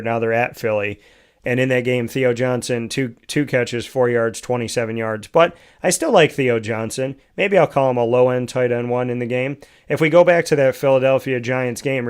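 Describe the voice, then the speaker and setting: Man, sports talk host, mid-pitched, clear smooth voice, stat-by-stat delivery. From United States. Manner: rattles off stats in quick lists, self-correcting. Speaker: fantasy football show host. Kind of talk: solo sports talk show.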